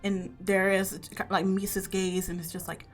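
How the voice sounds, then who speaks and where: A young woman running a tabletop game, narrating loosely with many fillers and restarts. Her voice sits at a middle pitch, with faint music behind her. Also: flat delivery, normal speed. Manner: casual, filler-heavy narration. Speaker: game master.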